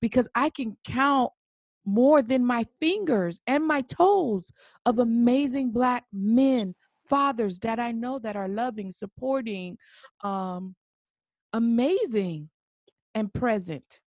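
A woman co-hosting a podcast, speaking in an earnest, gentle way as she offers soft pushback. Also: a little high, slow, dry recording, studio quality. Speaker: podcast co-host. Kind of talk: conversational interview.

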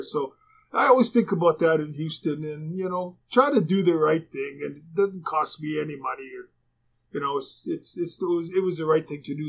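A man's voice: fairly high pitch, gravelly. A man, a former pro hockey player, telling a casual rambling anecdote with fillers and restarts.

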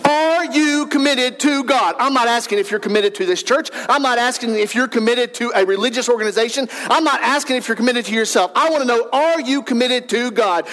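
A man's voice: extremely high pitch, fairly bright tone, long reverb tail. A man, a pastor giving an earnest, conversational sermon in a church. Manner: earnest, questioning, conversational preaching.

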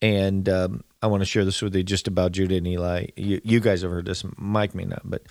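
A man's voice: sits low, flat delivery, fairly quick, vocal fry, darkish tone, no room sound, studio quality. A man in his sixties hosting a casual chat, teasing the others and laughing often. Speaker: host.

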